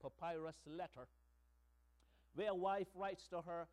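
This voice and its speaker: A man preaching a sermon as pastor, slow and emphatic, tossing in rhetorical "hmm?" asides to the congregation. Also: high-pitched, fairly even intonation, darkish tone.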